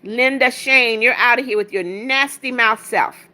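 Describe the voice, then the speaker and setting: Bright-voiced sassy woman livestreamer. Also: fairly high pitch, a little slow. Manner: sassy, blunt, reads comments aloud. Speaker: livestream host reading chat. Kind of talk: casual livestream chat.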